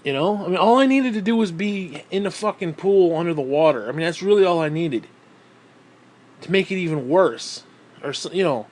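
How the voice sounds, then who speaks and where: A high-voiced man rants into the camera, short of breath, swearing constantly as he vents bitterly. His pitch sits well above most men's. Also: animated, normal speed, a little mellow. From New York State. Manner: profane, bitter ranting. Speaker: vlogger. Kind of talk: ranting vlog monologue.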